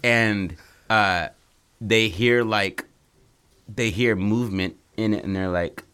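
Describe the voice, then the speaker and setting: A young man with a fairly low voice rambles through a movie idea in a relaxed, crude, slangy way. He keeps checking in with his partner as he builds the story step by step. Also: slow pace, clean tone. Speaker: co-host brainstorming a story. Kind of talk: casual chat.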